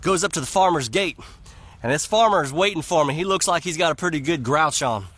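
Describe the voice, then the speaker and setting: A man spins a comic joke as a folksy storyteller. His voice is high-pitched and bright, with a lively bounce. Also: fairly quick. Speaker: comedian storyteller.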